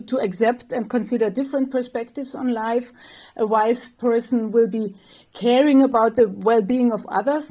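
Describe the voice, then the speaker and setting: A woman's voice: fairly high pitch, dark tone. A woman professor, answering interview questions thoughtfully, with light laughs and some fillers. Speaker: developmental psychology professor, guest.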